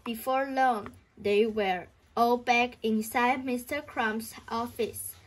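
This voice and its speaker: A young woman reads a children's story aloud, stumbling and restarting words often. She reads slowly in a fairly high voice. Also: fairly even intonation. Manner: halting with frequent restarts. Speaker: reader. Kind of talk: reading a children's book aloud.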